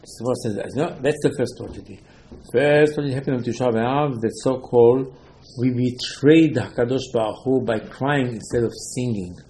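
A man's voice: medium pitch, moderate pace, dark tone, a little hiss or hum, poor audio. A man teaching a Torah lesson as a rabbi. He speaks emphatically in slightly broken English and keeps firing rhetorical questions.

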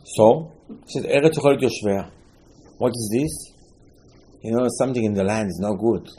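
A man's voice: lowish voice, normal speed, mellow, slight background noise. A man teaching Talmud in an informal lecture, telling stories animatedly, asking rhetorical questions and often restarting his sentences.

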